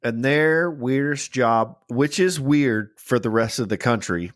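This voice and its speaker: A man's voice: mid-range voice, measured pace, dry recording, clean studio sound. A man in his forties co-hosting a podcast in casual chat, swearing freely and joking around. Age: 40s. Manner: swears freely, jokey and animated. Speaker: podcast co-host.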